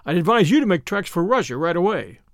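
A man's voice: high-pitched, sing-song, fast talker, no echo, clean studio sound. A man voicing a bold, cheerful young man who talks in breezy slang.

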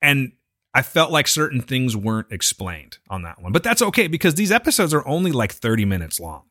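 A man's voice: medium pitch, very animated, a little fast, sharp tone, no room sound, studio quality. A man co-hosting a casual podcast, reviewing movies in an enthusiastic, rambling way and saying "like" a lot. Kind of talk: casual chat.

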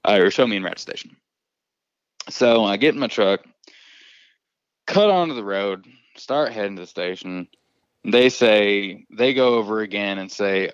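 Male storyteller, crude and animated, dull dry sound. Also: fairly low pitch, normal speed, smooth, dry recording. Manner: profane, drawling, laughs often. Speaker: volunteer firefighter telling a story. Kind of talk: casual storytelling.

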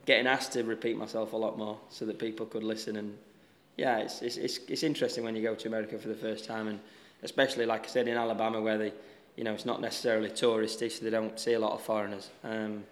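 Relaxed Yorkshire man, echoey room. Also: on the low side. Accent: Yorkshire English. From Yorkshire, England. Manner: relaxed, halting, many restarts and fillers. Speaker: professional golfer, interviewee. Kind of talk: casual interview answers.

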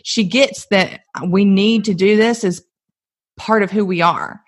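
A woman, a mother and guest, telling stories in an animated, casual way and laughing often as she talks. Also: mid-range voice, a little slow. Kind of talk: casual conversational storytelling.

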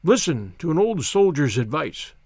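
A man's voice: on the high side, sing-song, normal speed, darkish tone, no room sound, studio quality. A man voicing a boisterous, crafty old male ex-grenadier in an audiobook, with an exclamatory, grandiose manner. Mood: confidential. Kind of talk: audiobook character voice.

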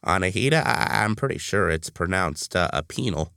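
A woman co-hosting a comedy podcast, deadpan in her sketch banter, then breaking out into loud excited shouting. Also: rumbling low, normal speed, dry recording, studio quality.

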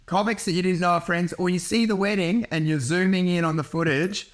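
High-voiced, laughing comedian. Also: male voice, fairly even intonation, a little fast. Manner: rambling, laughing and swearing. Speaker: comedian and podcast host. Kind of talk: casual podcast chat.

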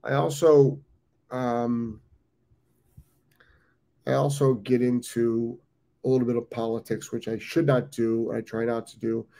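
A man's voice: mid-range voice, little pitch movement, a little slow, gravelly, pauses often, mellow. A man in his fifties with an American accent, hosting a live dog training show in casual talk, rambling and repeating himself with many ums. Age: 50s. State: has the hiccups.

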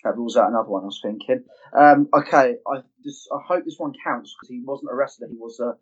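A man's voice: mid-range voice, fast, husky. A man co-hosting a casual podcast, talking in an emphatic, opinionated way. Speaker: podcast co-host. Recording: dull lo-fi audio.

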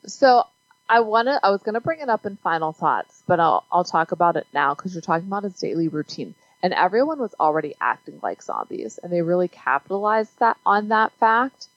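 A woman's voice: on the low side, lively intonation, a little fast, dry recording, dull audio. A woman co-hosting a casual movie review podcast, who loses track of her point as she talks. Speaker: podcast co-host.

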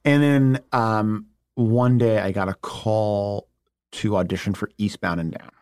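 A man, an actor and screenwriter, telling career stories in a casual interview, animated, with quick asides and frequent laughs. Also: lowish voice, clear, resonant tone, no echo, clean studio sound.

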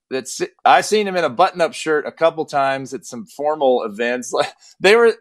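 A man's voice: on the high side, no room sound. A man in his thirties co-hosting a casual sports podcast, joking and sarcastic as he chats. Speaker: podcast co-host, former player.

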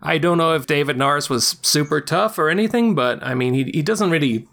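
A man's voice: fairly high pitch, brisk, creaky, fairly bright tone. Irish male guest from Dublin, thoughtful and explanatory, casual. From Ireland. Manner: thoughtful, explanatory, occasional chuckles. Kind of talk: casual podcast chat.

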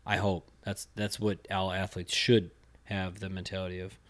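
A man's voice: deep voice, little pitch movement, moderate pace, a bit bright. A man co-hosting a podcast, chatting casually, laughing often and restarting his sentences. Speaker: podcast co-host. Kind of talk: casual chat.

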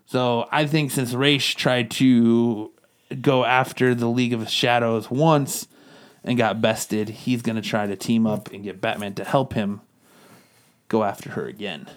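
A man with a medium-pitched voice and steady tone talks a little slowly as co-host of a casual comics podcast. He rambles through a comic's storyline and throws in quoted lines from its characters.

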